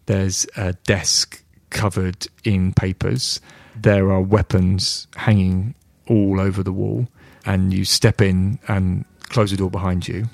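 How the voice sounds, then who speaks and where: Low-voiced game master. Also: male voice, level tone, slow pace, gravelly, hardly any pauses, a little mellow, no echo. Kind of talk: narrating a tabletop game.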